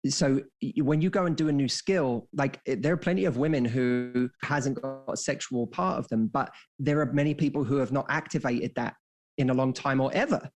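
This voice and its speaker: Dating coach guest, man, medium pitch, acts out quotes in chat. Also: moderate pace. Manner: storytelling, acting out quoted dialogue. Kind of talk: casual podcast conversation.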